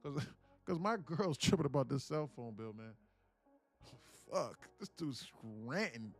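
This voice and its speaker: A man's voice: on the high side, lively intonation, slow, faint music behind, pitched above the performer's own voice, heavily acted. A man voicing a broke, impatient young male viewer who swears and whines, demanding that the trades start. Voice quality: profane, whiny and mocking.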